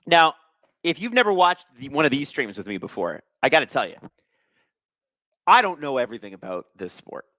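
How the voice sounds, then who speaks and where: A man's voice: medium pitch, sing-song, brisk, pauses often, pushed and bright, dry recording. A young man hosting a live watch-along stream, chatting casually and reading out viewer comments with jokes. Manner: chatty, reads viewer comments aloud, joking. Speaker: livestream host.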